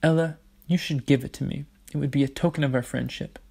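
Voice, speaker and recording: A man's voice: mid-range voice, fairly even intonation, fast talker, vocal fry, darkish tone, breathy edge. A man voicing a haughty, bossy teenage girl in a storybook reading, commanding and falsely sweet. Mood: imperious.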